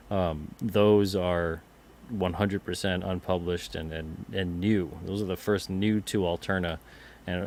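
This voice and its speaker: A man co-hosting a casual livestream about comic publishing, chatty and getting animated when he vents. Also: sits low. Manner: chatty, gets animated and amused when venting.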